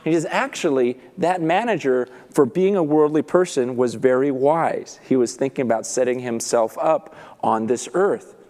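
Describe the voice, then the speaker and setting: Animated male preacher in a reverberant hall. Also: mid-range voice, normal speed, hardly any pauses. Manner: animated storytelling, acts out characters. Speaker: pastor. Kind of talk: sermon.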